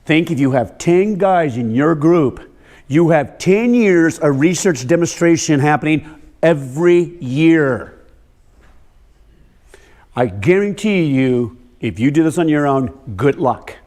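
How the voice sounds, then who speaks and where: A man's voice: fairly high pitch, expressive, slow, darkish tone. An older man giving a workshop lecture to farmers, telling stories and firing questions at the audience. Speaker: workshop presenter on soil health. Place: workshop room with a live audience.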